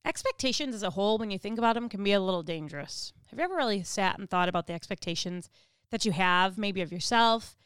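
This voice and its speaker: A woman's voice: mid-range voice, lively intonation, fast, fairly bright tone, smooth, no echo, clean studio sound. A woman giving a conversational devotional teaching who asks listeners direct questions. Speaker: devotional speaker.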